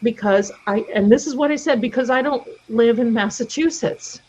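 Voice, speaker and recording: A middle-aged woman's voice, a little high and a little mellow, moves at a moderate pace as she hosts a livestream, chatting and telling stories. She voices the people she quotes, heard through dull lo-fi stream audio.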